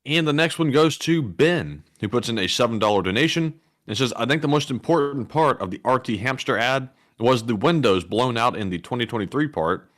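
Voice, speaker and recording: A man's voice: mid-range voice, lively intonation, brisk, few pauses, a bit bright. A man co-hosting a live stream, reading donation messages and adding dry jokes. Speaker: co-host. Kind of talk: casual chat reading donations.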